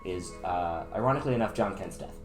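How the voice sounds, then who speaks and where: A man's voice: low-pitched, animated, fast talker, soft background music. A man co-hosting a casual podcast about comics, talking with enthusiasm and tripping over restarts. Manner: enthusiastic, rambling, stammering restarts. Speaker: podcast co-host.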